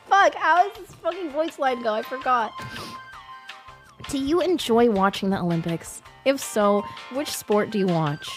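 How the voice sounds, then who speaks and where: An excitable woman streamer chatting with her viewers. Her voice sits high and swings widely, and she often swears and shrieks. Faint music plays in the background. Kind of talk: casual livestream chat.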